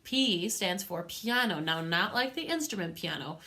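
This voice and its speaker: Woman music teacher, bright clear tone, patient, sing-song, talking to small kids. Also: lowish voice, lively intonation, normal speed. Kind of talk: recorded music lesson for young children.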